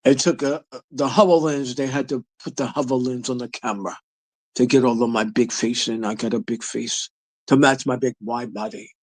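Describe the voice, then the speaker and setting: A man's voice: mid-range voice, steady tone, moderate pace, dry recording, natural voice, poor audio. A man doing a mocking impression of a self-loathing, slovenly woman, stammering and mumbling through her confessions.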